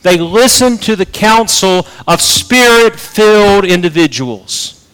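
A man preaches a sermon in a fairly high voice. He swings between loud, emphatic peaks and quiet, low asides. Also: animated, takes it slowly, clear, resonant tone.

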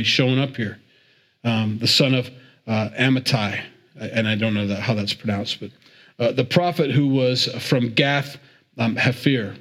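A man's voice: medium pitch, fairly bright tone. Chatty man teaching the Bible. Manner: chatty and digressive, with repeats and chuckles.

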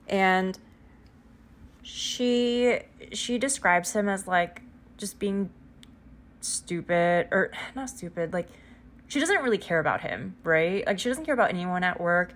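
This woman hosts a podcast and speaks at a medium pitch, with a slight hiss or hum on the recording. Her casual book recap keeps getting sidetracked into rambles peppered with "like" and casual cursing.

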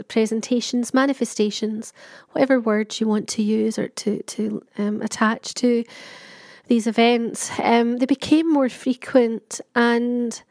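A woman's voice: on the high side, darkish tone, no room sound, clean studio sound. A middle-aged woman telling her personal story in a candid, chatty monologue, with many fillers and restarts.

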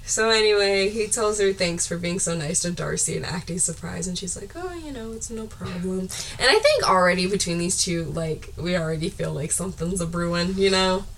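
A young woman co-hosting a casual podcast, recapping a movie scene by scene and acting out the characters in quick put-on voices. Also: lowish voice, creaky, a little hiss or hum. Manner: animated, acts out characters in quick put-on voices, laughs often. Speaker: podcast co-host. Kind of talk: casual chat recapping a film.

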